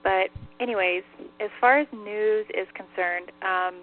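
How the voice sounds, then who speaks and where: A woman's voice: mid-range voice, unhurried. A woman medium chats through spirit messages on a radio call-in show, laughing easily and filling her talk with "like." Her mid-range voice comes through a tinny phone line. A faint hiss sits under it. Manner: chatty, laughing easily, many "like"s. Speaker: psychic medium.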